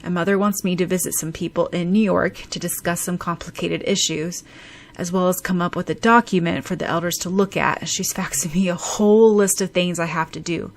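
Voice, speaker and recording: A woman's voice: lowish voice, fairly even intonation, brisk. A woman reading an audiobook, voicing a grumpy, harried teenage boy who sounds exasperated and groans his complaints. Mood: weary.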